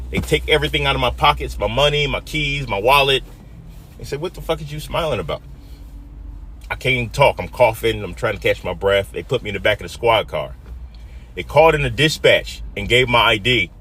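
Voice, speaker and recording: A man in his fifties from Detroit recounts a personal story in a mid-pitched, ordinary voice. His telling is emotional and dramatic, swinging between hushed, low moments and loud, heated ones. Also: slight background noise. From Detroit, USA.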